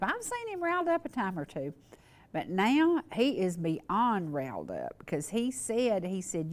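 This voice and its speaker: A woman's voice: medium pitch, a little mellow. Female talk show host, earnest and emphatic, repeats herself for stress. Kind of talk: casual local talk show monologue.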